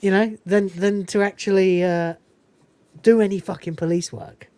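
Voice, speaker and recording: A woman hosts a podcast, chatting casually and enthusiastically as she reviews a film, swearing freely and laughing often. Her medium-pitched voice is steady, mellow and moderately paced, with no room sound.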